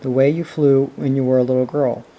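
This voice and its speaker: A man's voice: medium pitch, fairly even intonation, brisk, highs cut off, lightly acted. A man reading the part of a curious, eager little girl who keeps asking questions, in an audiobook reading.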